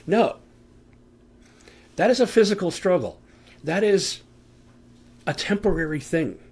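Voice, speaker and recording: Into a desk microphone on camera, a man teaches the Bible from a room at home, earnest and conversational, posing rhetorical questions. His voice is a little high, slightly mellow and husky.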